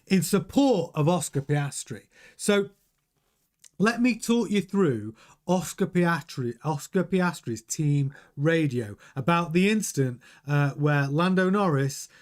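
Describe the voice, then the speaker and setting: A man's voice: fairly high pitch, a little mellow. Opinionated male motorsport news host. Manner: frank, opinionated, addresses the chat directly. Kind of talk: chatty motorsport news commentary.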